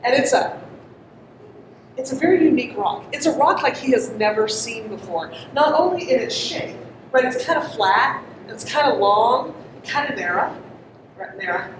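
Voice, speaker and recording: A woman's voice: on the high side, expressive, moderate pace. A woman presenter telling a story to a live audience, chatty and laughing often, asking the room questions. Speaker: conference presenter. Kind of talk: interactive storytelling talk to an audience. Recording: echoey room, distant mic, noisy.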